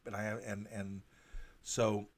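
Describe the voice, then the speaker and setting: A man hosting a live drawing stream, talking in a halting, stammering way with many restarts, earnest and apologetic. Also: lowish voice, level tone. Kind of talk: casual live-stream monologue.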